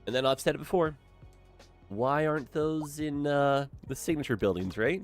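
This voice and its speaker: A man with a stuffed-up nose giving casual gameplay commentary, thinking aloud in a relaxed way. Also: a little high, normal speed, faint music behind. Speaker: game streamer.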